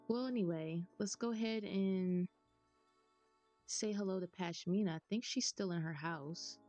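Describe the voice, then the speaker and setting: A woman's voice: lowish voice, unhurried, mellow, no room sound. A young American woman giving chatty, rambling commentary over a video game and laughing often. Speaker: gaming YouTuber. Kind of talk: casual gameplay commentary. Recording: slightly dull recording, faint music.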